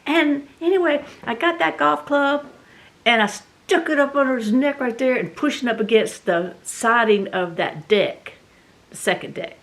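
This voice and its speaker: A middle-aged woman with a Southern US accent tells a story in a casual, animated, dramatic way, full of fillers. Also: a little high, moderate pace. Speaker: vlog host.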